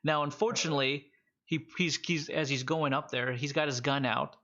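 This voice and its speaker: A man's voice: on the high side, fairly even intonation, moderate pace, sharp tone, muffled recording. A man narrating a tabletop role-playing game as game master, loose and rambling with many restarts.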